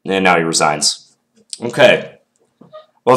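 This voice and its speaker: A man with a very low voice, congested from a cold, walks through a chess game in a loose, thinking-aloud way. He pauses often with ums and second-guesses his own lines. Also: expressive, a bit bright. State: stuffed up from a cold. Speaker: chess commentator. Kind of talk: casual game analysis.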